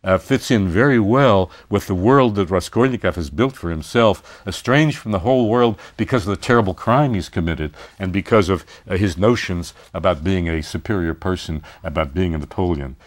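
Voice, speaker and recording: A man's voice: deep voice, normal speed, hardly any pauses. A man giving a university literature lecture, speaking expressively and posing rhetorical questions.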